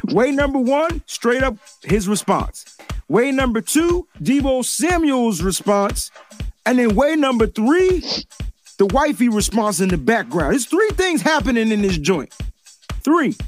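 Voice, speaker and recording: A man hosting a laid-back sports talk show, his voice pitched high and swinging up and down all the time. He jokes around, talks in loose slang and keeps things animated. Faint music sits under him. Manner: animated, joking, heavy slang. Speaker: podcast host. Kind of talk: casual sports chat.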